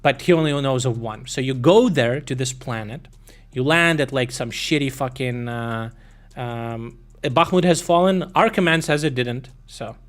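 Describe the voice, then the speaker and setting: A man's voice: medium pitch, unhurried. Guy streaming and rambling, swears a ton, mid-range voice, lots of ums. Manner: profane, meandering, full of fillers and restarts. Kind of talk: rambling casual stream chat.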